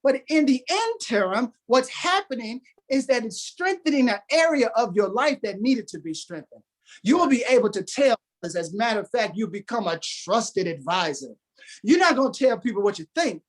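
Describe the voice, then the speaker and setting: A man's voice: very high-pitched, very animated, moderate pace. A man who is a guest on a podcast, giving a motivational talk with emphatic, preacher-like delivery and repeated phrases.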